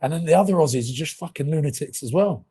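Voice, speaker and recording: A man's voice: on the high side, animated, quick pace, warm tone, breathy edge. A man in his thirties, a podcast co-host, telling rambling comic stories in casual chat and swearing freely.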